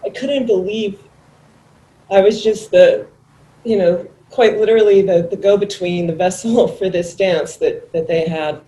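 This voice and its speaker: A woman tells a memory at an online memorial in a halting, casual way. Her voice is mellow and sounds roomy and echoey. A faint hiss sits behind her. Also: fairly low pitch. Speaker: memorial speaker. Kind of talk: casual remembrance. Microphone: video call. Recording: echoey room with faint noise.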